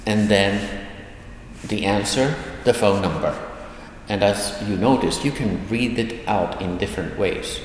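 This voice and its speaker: A man teaching an online language lesson, Swedish his first language, reading dialogue lines slowly and carefully, then explaining them. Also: fairly low pitch, lively intonation, a little hiss or hum. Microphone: online lesson recording. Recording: echoey room with long reverb.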